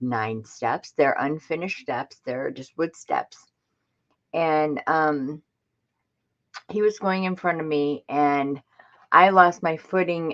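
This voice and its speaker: Chatty low-voiced woman vlogger. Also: fairly bright tone, dull audio. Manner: chatty, rambling storyteller. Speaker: crafting vlogger. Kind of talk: casual chat to viewers.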